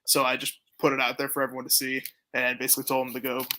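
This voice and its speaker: A man's voice: mid-range voice, monotone, racing, bright, forceful tone, slight background noise. A young man from Canada talking casually in an interview, laid-back and blunt, swearing freely. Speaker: jiu-jitsu gym owner and event promoter.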